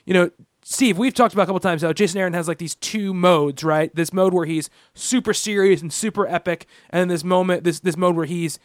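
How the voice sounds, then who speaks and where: A man co-hosts a relaxed comic book chat, circling his points with false starts and repeated words. His voice sits a touch high and the recording is dry and close with no room sound. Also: fairly quick, dry recording. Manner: rambling, many restarts. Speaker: podcast co-host.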